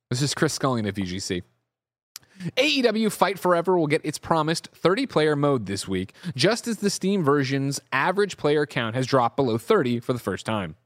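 A man's voice: on the high side, moderate pace, no echo, studio quality. A man co-hosting a gaming news show, reading reports aloud with casual asides. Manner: lively delivery, reads reports aloud with asides.

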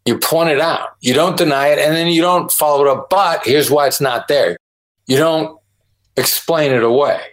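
A man's voice: fairly high pitch, moderate pace, low-quality recording. Emphatic man explaining. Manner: emphatic, explanatory, acts out example phrases. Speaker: negotiation expert guest. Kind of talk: podcast interview answers.

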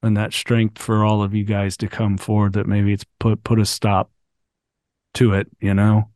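A man's voice: lowish voice, monotone, moderate pace, darkish tone, no room sound. Earnest male podcast host, dry sound. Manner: earnest, affirming. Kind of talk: casual conversation.

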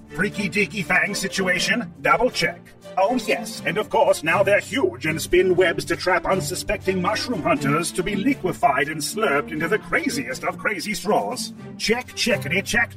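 A man's voice: high voice, animated, measured pace, distant mic, over music. A man voicing a sardonic mechanoid commentator. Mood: sarcastic. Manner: sarcastic, theatrical.

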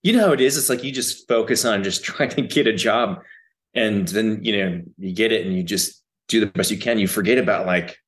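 A man's voice: on the low side, a little fast, a bit bright. A middle-aged man, a guest on an interview podcast, laid-back and humble, laughing often. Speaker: actor guest. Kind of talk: casual interview chat.

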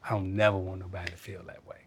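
A man, talking as a guest in an interview, earnest and reflective and quick to laugh. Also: deep voice, little pitch movement, husky. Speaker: interview guest, former basketball player and coach. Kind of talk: casual interview talk.

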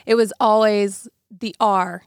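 A woman from Alabama co-hosting a podcast, playful and quick to laugh in casual chat. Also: medium pitch, steady tone, clear, resonant tone, no echo, clean studio sound. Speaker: podcast co-host.

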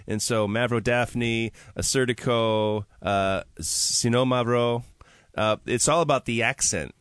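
A man's voice: medium pitch, unhurried, a bit bright, clear, resonant tone, dry recording, clean studio sound. A man hosting a radio talk show, asking curious questions with many hesitations. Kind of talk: radio interview.

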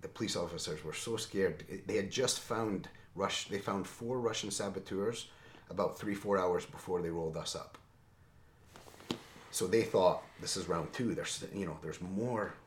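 A middle-aged man, a former Marine and podcast guest, tells a tense story in a lively conversational way, often checking in with "right?". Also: deep voice, moderate pace, slight background noise. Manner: animated, seeks agreement with frequent "right?". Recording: roomy echo.

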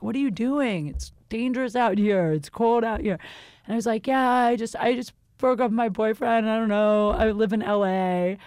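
A woman's voice: sits high, no echo, studio quality. A young adult woman hosting a podcast, telling a story in casual chat, candid and profane, with lots of fillers. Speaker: podcast host.

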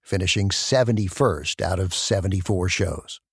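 A man giving measured, scripted documentary narration. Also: low-pitched, vocal fry, husky, no room sound, clean studio sound.

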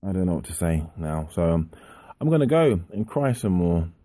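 A man's voice: low voice, sing-song, moderate pace, dark tone, no room sound. A man giving a frustrated, impassioned monologue about a lost football match, repeating himself as he rants. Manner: impassioned, repetitive, ranting. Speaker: football fan commentator.

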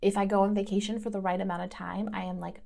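Chatty woman with a gravelly fry. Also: mid-range voice, little pitch movement, fast talker, warm tone. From Southern United States. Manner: chatty and rambling, lots of "like". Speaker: host. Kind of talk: casual chat.

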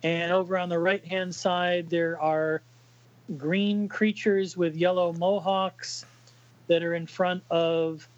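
A man co-hosting a podcast, recounting a comic book page by page in a casual, halting way with many fillers. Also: sits high, level tone, lo-fi sound. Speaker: podcast co-host reading a comic aloud. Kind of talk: casual chat.

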